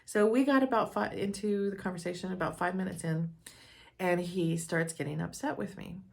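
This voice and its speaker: Woman counselor telling a personal story, low gravelly voice, calm and reflective. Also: moderate pace.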